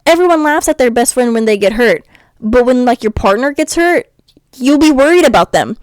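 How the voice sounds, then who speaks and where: A young woman ranting casually in a vlog, animated and chatty, swearing freely. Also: a little high, brisk, no echo. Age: young adult. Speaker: YouTuber.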